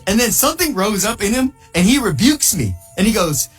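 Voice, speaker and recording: A man, a missionary, telling a testimony in an animated storytelling way, leaping high in pitch when he acts out what people said. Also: brisk, faint music behind. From United States. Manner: excitable, jumps high when quoting people, laughs through the telling.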